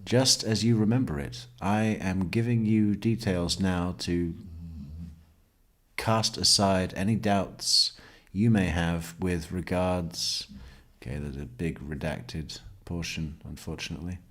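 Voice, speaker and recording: A man commenting on a courtroom testimony, reading passages aloud with a sardonic tone and frequent laughs. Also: low-pitched. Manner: sardonic, laughs often, slow deliberate reading. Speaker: true crime commentator.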